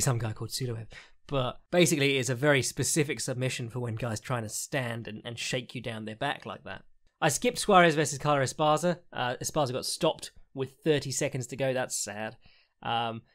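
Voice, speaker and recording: A man hosting a podcast, recapping fights in a rambling, frank way with lots of fillers, the odd swear and laughs. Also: medium pitch. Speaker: podcast host, fight analyst. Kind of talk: casual solo commentary recap.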